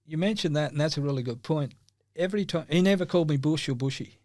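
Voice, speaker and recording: A man's voice: on the high side, fast talker, a little mellow, dry recording. Rambling older Australian man, dry sound. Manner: rambling, anecdotal, laughs often. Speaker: guest. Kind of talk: casual chat.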